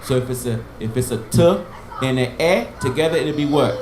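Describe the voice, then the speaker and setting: A man's voice: medium pitch, normal speed, a little mellow, roomy sound, a little hiss or hum. A man teaching an informal Hebrew class, patiently sounding out and repeating each word and giving memory tricks. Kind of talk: informal online language lesson.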